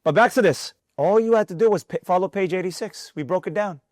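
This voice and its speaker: High-voiced, preachy male trading mentor. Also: fairly quick, no echo. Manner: animated, preachy, repeats himself for emphasis. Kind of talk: live mentorship class talk. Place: room with students present.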